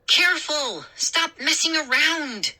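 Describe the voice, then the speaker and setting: A woman's voice: high voice, big pitch swings, slow, sharp tone, voice pushed up, heavily acted. A woman voicing a sensible, bossy young girl who scolds the boys. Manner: warning, scolding.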